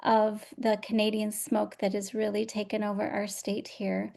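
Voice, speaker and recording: A woman's voice: medium pitch, monotone, moderate pace, vocal fry. A woman from Minnesota with a scratchy voice, hosting a live online journaling session in a chatty way, full of "um"s and restarts, speaking over a video call. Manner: warm, chatty, many fillers and restarts. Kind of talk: casual live webinar hosting.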